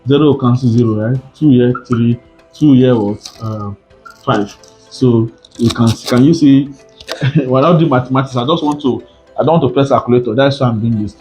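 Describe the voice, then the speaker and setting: Male tutor, mid pitch, repetitive and quizzing, faint music bed. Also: normal speed, dark tone. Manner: repetitive, rhetorical "what?" questions. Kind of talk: exam prep lesson.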